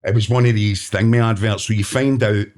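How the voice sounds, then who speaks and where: A Glaswegian man, an actor guesting on a podcast, telling anecdotes in a relaxed way and acting out his own reactions. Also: fairly low pitch, fairly quick. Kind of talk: anecdotal storytelling.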